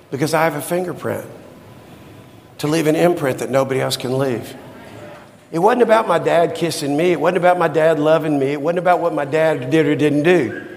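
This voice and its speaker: A middle-aged man preaching a sermon and telling a personal story, shifting from soft low asides to high, excited exclamations. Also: slight background noise. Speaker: pastor. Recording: long hall reverb.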